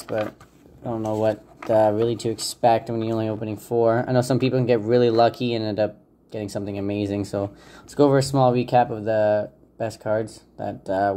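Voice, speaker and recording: Gravelly, mellow-voiced man opening card packs. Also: on the low side, slight background noise. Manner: relaxed, hesitant, many fillers, unsure of names. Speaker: channel host opening trading card packs. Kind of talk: casual unboxing commentary.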